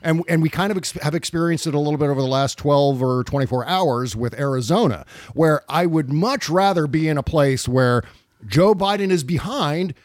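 A man's voice: on the high side, moderate pace, no echo, studio quality. A man co-hosting a podcast, chatting casually and animatedly about politics, sometimes mocking the people he quotes. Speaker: podcast co-host.

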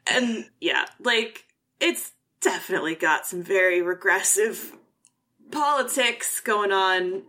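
A woman co-hosting a podcast, chatting casually about a horror film, animated and swearing freely, acting out lines from scenes. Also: medium pitch, slow pace. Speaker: podcast co-host.

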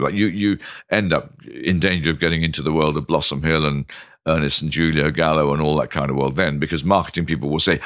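An older British man, a guest in an interview, telling lively anecdotes full of ums and restarts. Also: extremely low pitch, fast talker, dry recording, studio quality. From Britain. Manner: animated, lots of ums and restarts. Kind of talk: anecdotal storytelling.

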